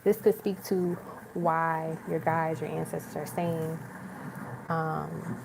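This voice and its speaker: Chatty woman with gravelly fry. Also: deep voice, flat delivery, slow, noisy background. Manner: casual, chatty, many fillers and laughs. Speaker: tarot reader. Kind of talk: live tarot reading stream.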